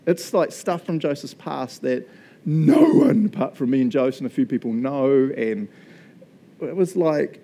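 Middle-aged New Zealand pastor, warm low tone, chatty self-mocking sermon storyteller. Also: male voice.

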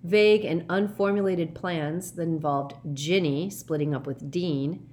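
A woman reading a novel aloud in measured, steady scripted narration. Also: fairly low pitch, slight background noise. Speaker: audiobook narrator.

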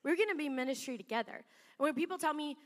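A high-pitched middle-aged woman pastor tells stories from the pulpit in a chatty, animated way, laughing often. Her voice carries a long reverb from a large church sanctuary. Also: quick pace. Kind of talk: sermon storytelling.

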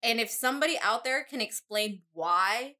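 A woman co-hosts a casual book-club podcast, her voice bright and on the higher side. She is blunt and laughs easily, dropping the odd swear word. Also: expressive, normal speed. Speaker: podcast co-host.

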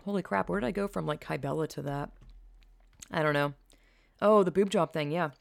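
A young woman hosts a podcast over a headset mic, chatting casually, candidly, and profanely as she hops from one tangent to another. Her gravelly voice sits low and moves a little fast, with no room sound.

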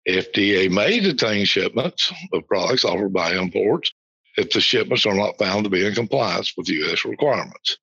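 A man hosting a podcast, reading official text aloud and commenting, repeating passages slowly for emphasis. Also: lowish voice, sharp tone, husky, no room sound, muffled recording. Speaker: podcast host.

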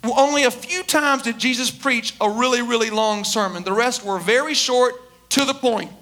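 A man's voice: extremely high pitch, normal speed, sharp tone. A male pastor giving a conversational sermon, emphatic, often repeating words and restarting his sentences.

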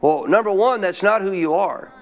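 A man preaching from the pulpit in a fairly high voice. He reads scripture and keeps stopping to quiz the congregation, pressing them to answer out loud. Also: normal speed. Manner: call-and-response preaching, asks congregation questions. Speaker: pastor. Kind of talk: sermon. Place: church.

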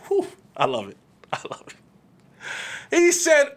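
A man hosting a solo sports podcast, talking in an animated, emphatic way and often repeating words as he builds his points. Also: high voice, a little slow, long pauses, slightly rough.

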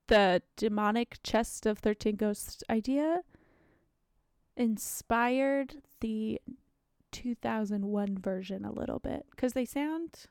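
This podcast co-host is a young woman with a fairly high, darkish, clear, and resonant voice, heard in clean studio sound with no echo. She has the hiccups and rambles through casual chat, filling it with fillers.

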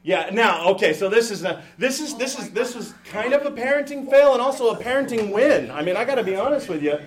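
A middle-aged man gives a sermon in a fairly high voice. He jokes with the room, restarts his sentences often and acts out what tired parents say. The delivery is casual and animated. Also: fairly quick. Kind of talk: sermon with humorous asides.

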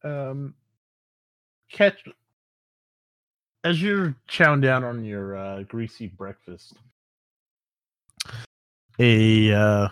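A man's voice: mid-range voice, drawn-out words, pauses often, smooth, dry recording, clean studio sound. A man running a tabletop game as game master, describing scenes in a loose, hesitant way with many fillers.

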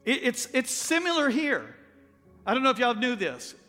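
High, bright-voiced Texan preacher in a reverberant hall. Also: male voice, wildly swooping pitch, normal speed, faint music behind. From Texas. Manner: folksy and joking, with a conversational delivery. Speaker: pastor. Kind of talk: sermon.

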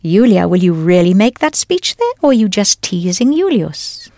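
A woman leading a scripted audio language lesson, explaining patiently and deliberately into a close studio mic. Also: mid-range voice, sing-song, warm tone, dry recording. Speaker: language teacher.

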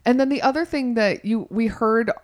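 A woman co-hosting a casual chat, telling stories in an animated way. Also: fairly high pitch, normal speed. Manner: chatty, animated storytelling. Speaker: podcast co-host.

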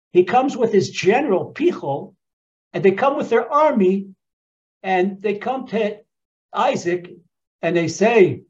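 A man gives a scripture lesson in a lively, storytelling way, his pitch swinging widely. He repeats key phrases and often restarts mid-sentence. The recording sounds dull and lo-fi. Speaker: Torah teacher. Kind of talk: animated storytelling lecture.

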